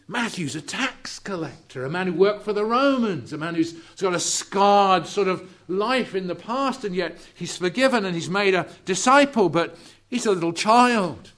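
A man preaching a sermon, slow and deliberate, drawing out key words and dropping to a hush for emphasis. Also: sits high, animated. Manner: drops to hushed, quiet emphasis on key words.

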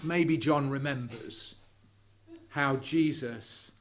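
Guy preaching a sermon, real slow and deliberate, goes hushed on the big words. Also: medium pitch, slight background noise. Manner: drops to hushed, quiet emphasis on key words.

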